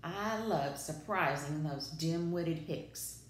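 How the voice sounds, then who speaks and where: A woman's voice: low voice, takes it slowly, slight background noise. A woman reading aloud, voicing a boastful, scheming male wolf villain who gloats and sneers, in an echoey room. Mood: sneering. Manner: gloating, sneering, stammering when caught. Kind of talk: storybook read-aloud.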